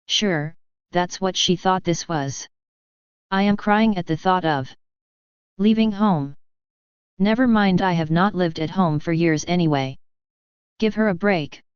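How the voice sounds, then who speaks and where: Slow, clear woman narrating an audiobook. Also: fairly low pitch, no echo. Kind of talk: first-person audiobook narration. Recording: dull, dry lo-fi audio.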